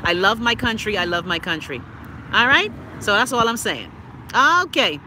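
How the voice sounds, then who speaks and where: A Bahamian woman in her fifties with a Bahamian accent, hosting a casual livestream chat and ranting loudly with plenty of profanity, talking into a phone outdoors near traffic. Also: medium pitch, moderate pace. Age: 50s. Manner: loud, profane, animated ranting. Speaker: livestream host.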